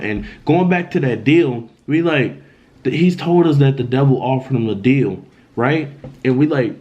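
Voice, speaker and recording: A young man vlogging, retelling a frightening personal story in an animated, emphatic way with lots of slang. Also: medium pitch, moderate pace, highs cut off. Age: young adult. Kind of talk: storytime vlog.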